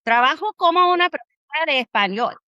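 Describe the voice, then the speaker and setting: A woman teaching Spanish live online with a bright, forceful voice pitched a little high. Her delivery is upbeat and coaching, and she keeps firing questions at her viewers. The sound is close and dry. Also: animated, fast, no echo, highs cut off. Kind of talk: live online language class.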